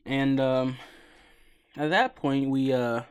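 A drowsy young man rambles through a video game story at an unhurried pace. He keeps stopping for ums and uhs and swears casually. His voice is smooth and clear. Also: medium pitch. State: sleepy, yawning. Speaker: podcast host.

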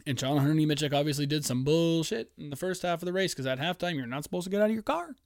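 A man from Canada hosting a podcast, chatting casually in a profane, excitable, rambling way on a headphone-wearing podcast setup. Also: on the high side, quick pace, no room sound, studio quality. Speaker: podcast host. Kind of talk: casual chat. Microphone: headphones, podcast mic.

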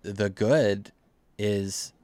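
Low, flat-voiced reflective man. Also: drawn-out words, no echo. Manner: reflective, hesitant, self-deprecating. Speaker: podcast co-host. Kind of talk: casual chat.

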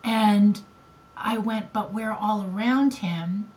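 An older woman co-hosting a podcast tells a family story in a rambling, emotional way during a casual chat. Her voice is medium-pitched and darkish, and she speaks slowly.

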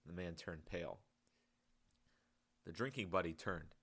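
A man reading his own novel aloud in a calm, measured audiobook narration. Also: low voice, breathy edge.

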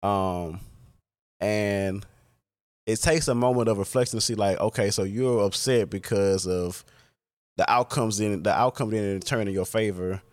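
A man's voice: fairly low pitch, measured pace. A man talking casually in a reflective monologue, rambling and swearing freely.

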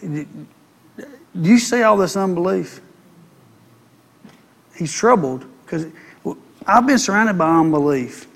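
A man preaching a sermon, reading scripture slowly and breaking off to comment, then building into loud, impassioned preaching. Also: sits high, expressive, creaky.

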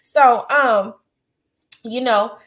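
A woman's voice: fairly high pitch, drawn-out words, fairly bright tone. A woman hosting a podcast, chatting casually and giving outspoken, emphatic advice. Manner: outspoken, emphatic, repeats phrases for effect. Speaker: podcast host.

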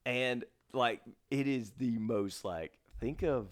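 A man's voice: medium pitch, takes it slowly. Texan guy chatting on a podcast, rambly, restarts a lot, laughs easy, mid voice. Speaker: podcast co-host. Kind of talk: casual chat.

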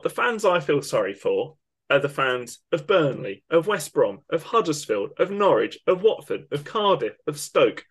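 A man's voice: mid-range voice, a bit bright. A man co-hosting a football podcast, ranting with emphatic indignation. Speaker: podcast co-host. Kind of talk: opinionated football podcast rant.

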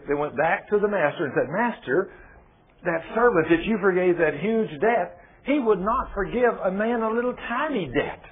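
A high-pitched male preacher comes through a tinny, phone-like radio broadcast with slight background noise. His sermon peppers the audience with rhetorical questions and recounts scripture through quoted dialogue.

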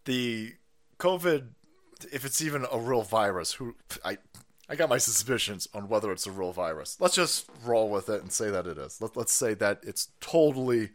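A man's voice: on the low side, animated, normal speed. A man hosting a live stream, ranting heatedly and mockingly with lots of swearing. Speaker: stream host. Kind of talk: profane ranting commentary.

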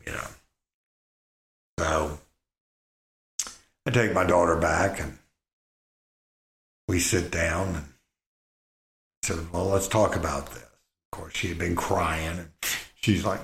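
Middle-aged man, gravelly and lowish, loose rambling storyteller with restarts; roomy echo. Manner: rambling, halting with frequent restarts and fillers. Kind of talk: casual personal storytelling.

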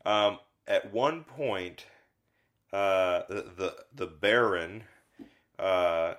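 A man's voice: low-pitched, drawn-out words, fairly bright tone. A man co-hosting a casual film podcast, rambling with lots of fillers and restarts. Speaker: podcast co-host reviewing films. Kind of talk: casual chat.

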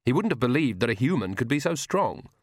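A man giving scripted audiobook narration in a measured, wry manner. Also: medium pitch, very animated, no room sound, clean studio sound.

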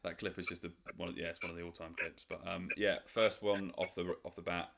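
A man's voice: deep voice, flat delivery, gravelly, heavy background noise. A man hosting a casual podcast chat, laughing and bantering with his guests. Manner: laughing, swearing, quick banter. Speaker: podcast host.

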